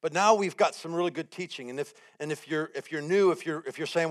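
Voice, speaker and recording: Man preaching with animated storytelling. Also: fairly high pitch, fairly quick. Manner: animated storytelling, acts out his own panic and quotes; builds repeated phrases into rising emphasis. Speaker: guest preacher. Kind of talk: sermon.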